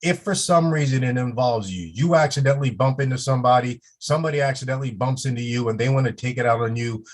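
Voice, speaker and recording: A man's voice: mid-range voice, quick pace. A man hosting a safety podcast, coaching listeners in a direct, emphatic way with short repeated commands. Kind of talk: instructional podcast monologue.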